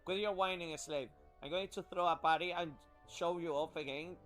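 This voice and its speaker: Guy reading a snooty cruel rich lady in a game, scornful, kinda high-ish voice. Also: steady tone, moderate pace, fairly bright tone, faint music behind, lightly acted. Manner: scornful, contemptuous. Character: haughty cruel noblewoman slave owner. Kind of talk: reading game dialogue aloud.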